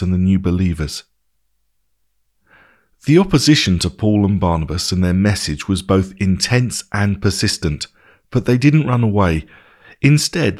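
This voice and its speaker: Male narrator, deep and animated, scripted Bible storytelling with emphatic rises. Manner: expressive storytelling, rising for emphasis.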